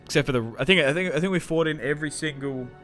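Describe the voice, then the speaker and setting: A man's voice: on the high side, quick pace, a bit bright, faint music behind. A young man with an Australian accent, chatting casually to viewers on a strategy game livestream, rambling with many fillers and restarts. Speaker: streamer.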